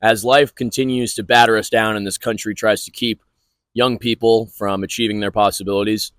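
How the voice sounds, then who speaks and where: A man's voice: on the low side, steady tone, brisk, dry recording, clean studio sound. A man hosting a casual comedic chat outdoors at a backyard grill, laughing often and leading segments with a sung jingle. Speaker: podcast host.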